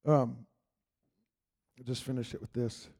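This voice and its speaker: A man's voice: medium pitch, fairly even intonation, unhurried, mellow. A man giving an earnest, rambling church testimony that drifts into spoken prayer, repeating "Lord God.".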